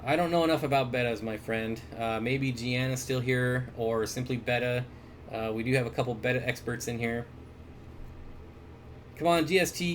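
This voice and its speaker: A man's voice: medium pitch, a little hiss or hum. Easygoing man hosting a fish livestream. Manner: relaxed, chuckling, answers questions briefly with fillers. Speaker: aquarium store owner and livestream host. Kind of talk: casual livestream chat reading viewer comments. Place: indoors, at his fish room or store. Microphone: desk mic.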